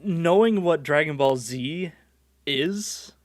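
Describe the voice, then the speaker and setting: A man's voice: on the high side, animated, slow pace, no room sound, clean studio sound. A male podcast host chatting casually, recapping scenes and laughing often as he goes. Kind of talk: casual watchalong chat.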